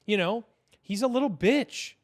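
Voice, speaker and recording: A man's voice: sits high, expressive, a little slow. A man speaking as a podcast guest in casual political chat, blunt and opinionated, with some swearing. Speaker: podcast guest, business owner.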